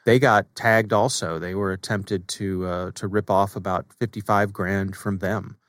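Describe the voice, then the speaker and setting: A man's voice: lowish voice, measured pace, no room sound. Casual podcast host man, dry studio sound. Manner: relaxed, conversational with frequent fillers. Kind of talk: casual chat.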